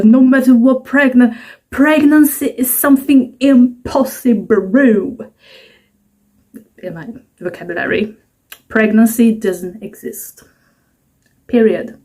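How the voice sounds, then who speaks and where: A woman's voice: on the high side, a little mellow. A woman in her twenties chatting to camera in a rambling, self-mocking way, at home at night. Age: 20s. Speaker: vlogger. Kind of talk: casual talking-to-camera vlog.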